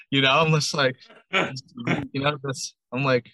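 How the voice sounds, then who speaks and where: A man's voice: medium pitch, slow pace, dry recording, low-quality recording. A man, a ramen shop owner, telling a story in a casual interview and acting out quoted dialogue. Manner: chatty, animated retelling with many "I'm like" quotes.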